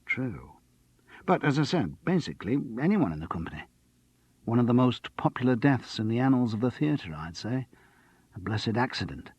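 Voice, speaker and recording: A man's voice: medium pitch, big pitch swings, normal speed, a little mellow, slightly rough, voice pushed up. A man voicing a jovial, crude-humoured male doctor who teases his friend. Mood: coaxing. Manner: teasing, crude.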